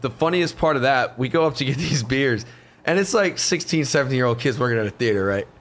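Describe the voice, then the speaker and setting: A man in casual chat, co-hosting a podcast and telling stories in a profane, animated way. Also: mid-range voice, fast talker.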